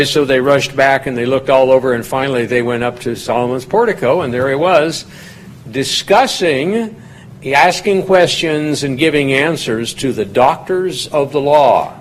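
A man at a medium pitch gives a relaxed, rambling sermon, chatting through the background of a passage. When he reads the verses aloud, his voice climbs higher and grows louder. A faint hum of room ambience sits behind him. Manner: folksy and digressive, rising in pitch and volume when reading scripture aloud. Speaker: pastor teaching a Bible study. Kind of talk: conversational sermon.

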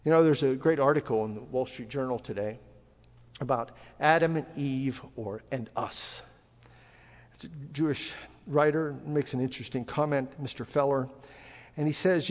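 A man's voice: medium pitch, normal speed. A middle-aged man preaching a sermon, speaking earnestly and rising with emphasis when he quotes scripture. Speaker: pastor. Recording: dull lo-fi audio with long hall reverb.

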